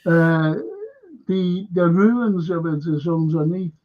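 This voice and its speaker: A man's voice: a little high, fairly even intonation, slow pace, highs cut off. A man with a Liverpool accent hosting a live history stream, chatty, jokey and a bit flustered by tech trouble. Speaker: host of a live history show. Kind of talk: casual live-stream chat.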